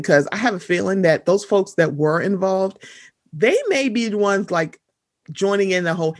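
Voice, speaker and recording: A woman's voice: medium pitch, animated, normal speed, no room sound, studio quality. A young woman chatting casually as a podcast co-host, acting out her own reactions in quoted asides. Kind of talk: casual chat.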